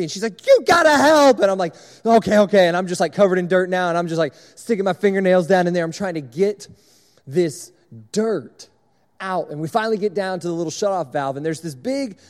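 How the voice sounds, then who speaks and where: A young man preaching with an animated, self-mocking storyteller's flair. His voice sits high for a man. Long reverb from a large hall trails every line. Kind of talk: sermon storytelling.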